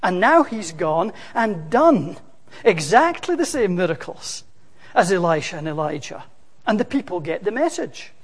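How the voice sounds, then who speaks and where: Slow, emphatic preacher with hall reverb. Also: medium pitch, very animated, slightly rough. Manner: emphatic, builds to loud dramatic quotations. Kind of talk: sermon.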